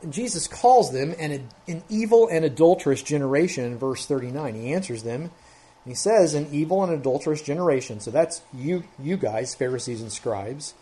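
A man's voice: a little high, animated, brisk, dark tone. A man preaching an expository sermon as pastor, working methodically through a Bible passage verse by verse and growing more emphatic as he goes.

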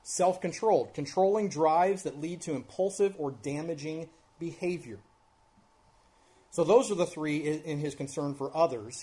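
A pastor preaching an earnest expository sermon, with emphatic rises and drops in loudness and casual asides. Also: male voice, a little high. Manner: conversational asides.

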